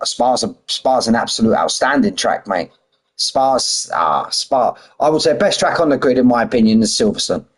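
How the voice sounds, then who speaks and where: Middle-aged British man, husky voice, casual streamer banter. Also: medium pitch, a little mellow, rough recording. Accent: British English. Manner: chatty, banters with chat, drops h's and says "mate". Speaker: sim racing streamer. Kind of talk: casual live-stream chat.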